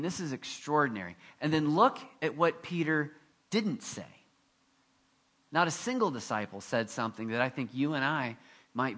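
Male pastor, conversational sermon delivery, bright forward tone, jokes at his own expense. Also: a little high, husky. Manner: conversational and animated, with self-deprecating asides.

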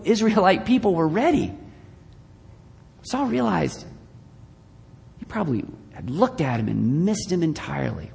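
A male pastor giving a conversational sermon with joking asides, swinging between loud bursts and quiet, hushed lines. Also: high-pitched. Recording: long reverb of a large hall.

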